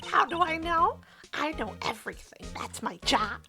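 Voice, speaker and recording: A woman's voice: high voice, expressive, normal speed, music in the background, pitched above the performer's own voice. Woman doing Old Bag, a grumbling old security lady. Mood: gossipy. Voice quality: croaky scolding old-lady voice. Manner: grumbling, lecturing about youths. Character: cranky nosy old female studio security guard.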